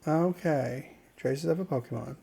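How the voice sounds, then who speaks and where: Gravelly-voiced woman gaming host. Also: sits low, unhurried, dark tone. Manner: reads game dialogue aloud, playful and chatty. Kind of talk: casual let's play commentary.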